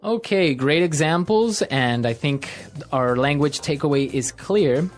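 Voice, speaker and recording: Male podcast teacher, casual and clear, light music bed. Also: on the high side, measured pace. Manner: relaxed, repeats phrases for learners. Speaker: podcast host, English teacher.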